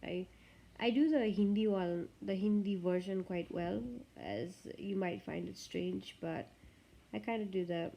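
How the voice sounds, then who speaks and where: A woman vlogger chatting casually to the camera. Her talk is loose and rambling, and her voice sits at a middle pitch. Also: measured pace, creaky, dark tone.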